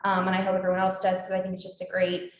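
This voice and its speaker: A woman's voice: fairly low pitch, completely flat delivery, rapid-fire, a little hiss or hum. A woman in her twenties, a guest in a casual interview, telling a story with lots of fillers and quoted dialogue. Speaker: alumni guest. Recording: echoey room.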